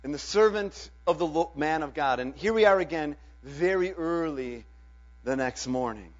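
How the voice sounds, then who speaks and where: High-voiced preaching man, dramatic swings. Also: moderate pace. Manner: dynamic, swings from loud to hushed. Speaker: pastor. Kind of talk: sermon. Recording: dull lo-fi with mains hum.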